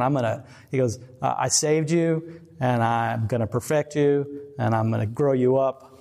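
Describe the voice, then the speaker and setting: A man's voice: fairly high pitch, a little mellow. A middle-aged man giving a casual, rambling sermon, earnest and often laughing. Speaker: preacher. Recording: long reverb.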